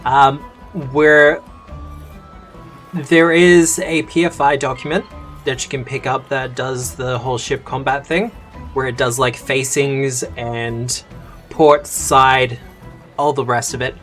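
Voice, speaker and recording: A man's voice: medium pitch, level tone, slow pace, a bit bright, faint music behind. Easygoing man running a tabletop game. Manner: easygoing, explains rules step by step with fillers. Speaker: game master.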